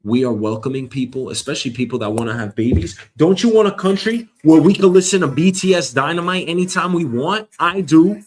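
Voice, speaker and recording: A man's voice: a little high, fairly quick, hardly any pauses. A man hosting a solo comedic news show, rambling and swearing as he argues with an imagined listener. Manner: rambling, profane, mock-arguing with the listener. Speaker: host.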